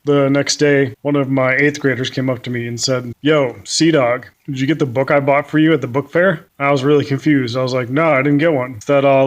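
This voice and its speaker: A young male teacher telling funny stories from school in a casual way, with dry, self-mocking humor. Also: medium pitch. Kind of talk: casual storytelling to camera.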